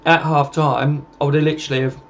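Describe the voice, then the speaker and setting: A man's voice: fairly high pitch, little pitch movement, quick pace, a bit bright, slight background noise. A man hosting a casual football livestream, chatting and answering viewer comments in a matey, informal way. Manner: chatty, matey, calls everyone mate.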